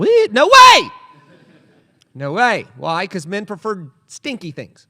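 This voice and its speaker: Animated, bright-voiced male pastor. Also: extremely high pitch, normal speed. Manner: animated storytelling with comic voices. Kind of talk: humorous sermon. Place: church sanctuary.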